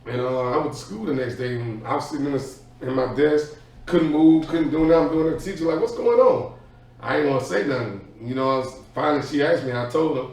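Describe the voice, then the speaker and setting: A man telling an animated childhood story in a casual podcast chat. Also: mid-range voice, fast. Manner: animated, acts out voices in his story. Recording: echoey room, far from the mic.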